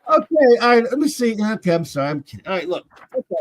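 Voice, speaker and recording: A man's voice: sits high, big pitch swings, quick pace, poor audio. A man hosting a casual review podcast, rambling and joking as he trips over his own words. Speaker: podcast host reviewing TV episodes.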